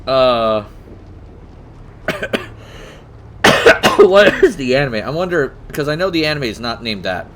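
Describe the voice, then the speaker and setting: A man's voice: medium pitch, huge pitch swings, takes it slowly, long pauses, a bit bright, slight background noise. Rambling, casually swearing man. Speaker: podcast co-host. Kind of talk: casual chat.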